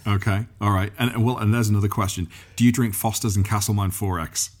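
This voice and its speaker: A man's voice: fairly low pitch, fairly even intonation, brisk. A man from Liverpool hosting a casual interview, chatty and enthusiastic. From England, Liverpool. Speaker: host, interviewer.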